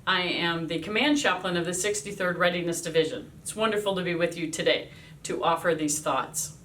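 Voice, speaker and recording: A woman in her fifties, an army chaplain, telling a devotional story in a lively way and acting out the voices she quotes. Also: on the low side, fairly quick, far from the mic, a little hiss or hum.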